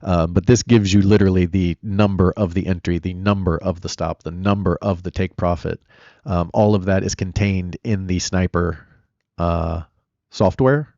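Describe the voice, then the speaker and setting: A man with a low, dark voice talks his way through a live trading stream. He rambles, answers viewers and gives blunt opinions, recorded dry and a little dull. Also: steady tone, normal speed, creaky, no echo. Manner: chatty, rambling, answers chat questions. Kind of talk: casual live-stream commentary.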